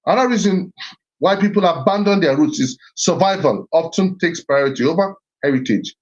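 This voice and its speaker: A middle-aged man giving an earnest, reflective talk on heritage and identity, often repeating himself and restarting phrases. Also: on the high side. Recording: slightly muffled recording.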